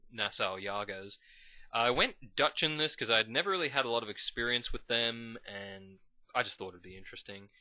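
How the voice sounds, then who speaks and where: Man, low voice, casual rambling gameplay commentary, dry and lo-fi. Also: no echo. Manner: rambling, casual, self-correcting. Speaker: gamer commentating his match. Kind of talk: let's play commentary. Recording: dull lo-fi recording.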